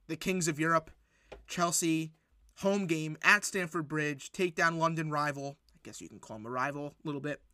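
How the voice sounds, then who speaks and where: A man hosting a solo sports podcast, recapping matches in an excitable, rambling way with lots of fillers and restarts. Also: a little high, dry recording. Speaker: podcast host.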